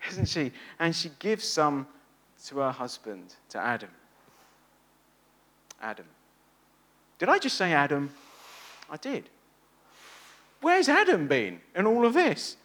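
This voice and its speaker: A man preaching a sermon, animated and asking his listeners rhetorical questions. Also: a little high.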